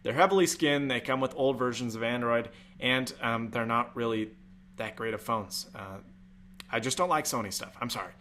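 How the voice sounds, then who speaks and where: A man's voice: mid-range voice, normal speed, pushed and bright. A young man hosting a casual tech live stream, chatty and rambling, with jokey asides. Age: young adult. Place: home room.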